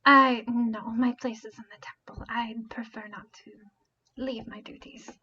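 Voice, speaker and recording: A woman voicing a quiet, pious female temple devotee in a tabletop game, speaking softly and almost in a whisper. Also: a little high, steady tone, measured pace, breathy edge. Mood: demure. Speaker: temple keeper. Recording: dull lo-fi stream audio.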